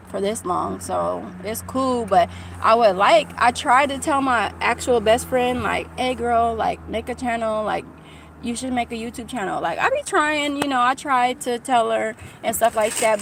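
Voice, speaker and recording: A woman's voice: fairly high pitch, creaky, slight background noise. A woman from California chatting casually with her livestream viewers, candid and rambling, full of fillers and restarts. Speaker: YouTuber talking to live chat.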